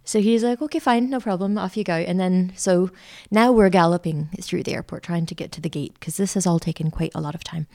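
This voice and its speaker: A middle-aged woman, a podcast guest telling a lively travel story with lots of fillers. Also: fairly low pitch, brisk, creaky, hardly any pauses. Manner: chatty, animated anecdote-telling with many fillers. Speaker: interview guest, art school founder. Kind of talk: casual storytelling.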